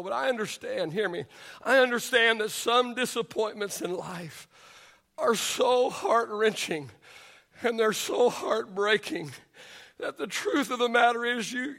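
A middle-aged male pastor with a high-pitched voice preaches a sermon, repeating his words and building to shouts on the key lines.

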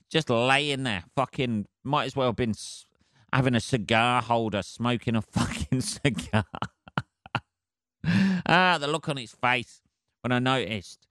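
A man's voice: medium pitch, unhurried, a bit bright, no echo, studio quality. Sweary man rambling on a podcast. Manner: rambling, heavy swearing, laughs at his own jokes. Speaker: podcast host. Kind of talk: casual solo podcast monologue.

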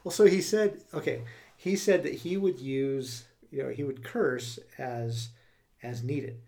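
A man's voice: mid-range voice, unhurried, gravelly, warm tone. A man co-hosting a podcast in casual chat, talking in loose starts and stops and laughing easily. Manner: chatty, many restarts and fillers, laughs easily. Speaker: podcast co-host.

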